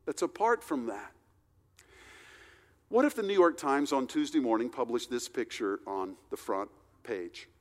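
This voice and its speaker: A pastor, a man, gives a sermon in a slow and deliberate way, pressing hard on the words he wants to land. His voice sits a little high, and his delivery is unhurried. The sound carries a long reverb, as if he were recorded in a large church hall. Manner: slow, deliberate preaching with emphatic stresses.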